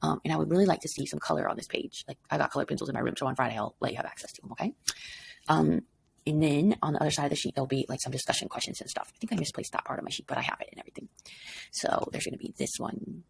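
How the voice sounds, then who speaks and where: A woman's voice: low-pitched, racing, gravelly, slightly rough. A tired woman teacher explaining an assignment in a recorded lesson, rambling casually and checking in with "okay?". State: tired, up before dawn.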